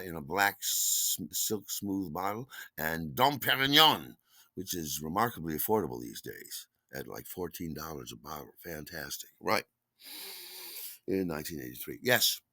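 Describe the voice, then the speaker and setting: Deep-voiced older man telling a lively story. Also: moderate pace, no echo. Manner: animated, acts out voices and sound effects. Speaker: podcast host. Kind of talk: personal storytelling monologue.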